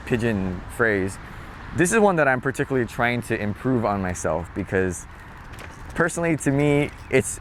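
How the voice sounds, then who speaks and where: A man from Hawaii with a Hawaiian accent, casually explaining local phrases in a relaxed, chatty vlog. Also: a little hiss or hum. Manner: relaxed, chatty, demonstrates phrases with playful low tones. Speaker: vlogger.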